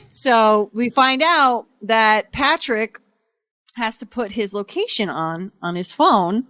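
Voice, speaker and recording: A woman co-hosting a casual podcast, telling stories in an animated way, swearing freely and acting out what people said. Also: fairly high pitch, slow, no echo, clean studio sound. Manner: animated storyteller, swears freely, acts out quoted voices. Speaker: podcast co-host. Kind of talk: casual recap chat.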